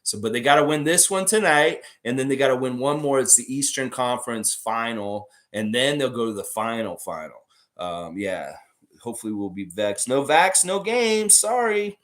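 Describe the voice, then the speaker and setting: A man's voice: medium pitch, expressive, moderate pace, fairly bright tone. A man hosting a casual fan livestream, reading out viewer comments and rambling through a story with lots of filler words. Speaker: sports fan livestream host.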